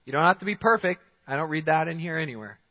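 A man's voice: fairly high pitch, expressive, quick pace. A man preaching a sermon as pastor, emphatic, giving short commands and chuckling at his own points. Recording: dull sound in a large hall with long reverb.

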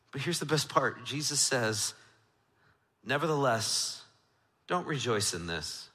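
Male pastor, bright and forceful, preaching in a church with a long echo, dropping from emphatic to hushed. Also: medium pitch, sing-song, slow pace, pauses often. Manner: swings from loud emphatic to hushed intimate. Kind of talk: sermon. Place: church sanctuary. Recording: church sanctuary with long reverb.

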